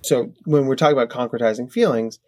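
A man in his thirties, a psychologist guest, explaining in an animated, conversational way and often checking in with "right?". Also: medium pitch, fast talker. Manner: animated, acts out kids' voices, frequent "right?".

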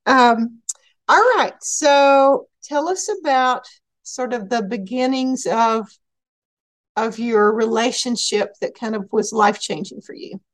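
A woman with a Texas accent hosting a podcast interview, asking gentle, encouraging questions over a remote call. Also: on the high side, takes it slowly, dry recording. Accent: Texan. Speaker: podcast host.

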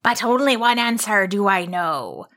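A woman voicing a proud male leaf monster who speaks in slow, old-fashioned rhymes. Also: mid-range voice, expressive, fairly bright tone. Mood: gruff.

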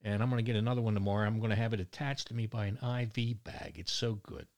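A man's voice: on the low side, fairly even intonation, quick pace, a little mellow. A man in his sixties with a Baltimore accent, rambling bluntly and cracking jokes in a casual monologue. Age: 60s. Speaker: vlogger.

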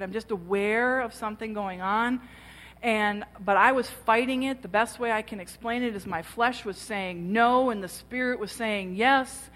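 Speaking to a women's church gathering, a woman delivers a sermon-style personal testimony, recounting her story and voicing the other people in it. Her voice sits on the high side with a fairly bright tone, and a large hall's long reverb trails after her words.

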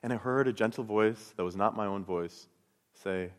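A man's voice: on the low side, normal speed. A middle-aged man telling his personal faith testimony and teaching, earnest and storytelling, often repeating words as he goes. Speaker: Christian speaker. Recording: long hall reverb.

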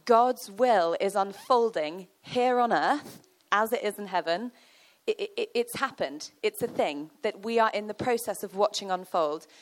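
A woman's voice: medium pitch, unhurried. A woman giving a chatty, conversational sermon, full of fillers and storytelling. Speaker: church speaker.

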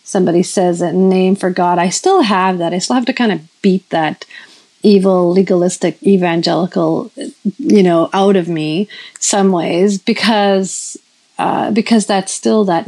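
A woman's voice: mid-range voice, a little slow, a little mellow, low-quality recording. A woman in her fifties preaching in a casual storytelling way, rambling with many restarts and self-corrections. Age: 50s. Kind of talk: sermon-style storytelling.

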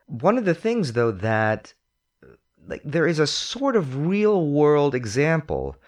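A man hosting a casual movie discussion, talking in an animated way and putting on voices when he quotes. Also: on the high side, takes it slowly.

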